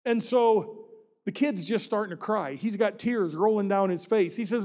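A man's voice: high-pitched, moderate pace, darkish tone. A man preaching a sermon as pastor, telling a story and acting out the people in it. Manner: storytelling, acts out quoted voices with rising intensity.

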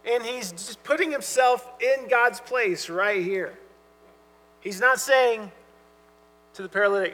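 A man preaches with an earnest, emphatic delivery, his voice high and bright. He drops to quiet, tender asides for quoted lines. The sound carries a long hall reverb over a faint mains hum. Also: takes it slowly, pauses often, faint music behind. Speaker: pastor. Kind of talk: sermon.

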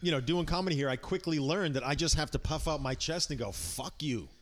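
An American man in his thirties, a comedian guest in a casual chat, telling stories with quick put-on quotes and plenty of swearing. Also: on the high side. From United States.

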